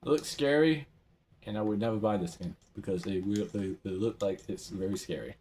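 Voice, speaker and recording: A man rambling through a game's item shop in casual commentary, excitable, his voice often jumping up high. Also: moderate pace, a little hiss or hum. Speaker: gamer browsing an item shop.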